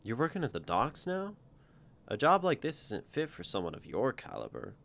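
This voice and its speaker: Man reading young pilot, cheerful, raised pitch, plain unaccented read, light gravel. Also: wildly swooping pitch, normal speed, a bit bright, exaggerated voice. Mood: eager. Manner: read aloud in a raised, plain voice without an accent.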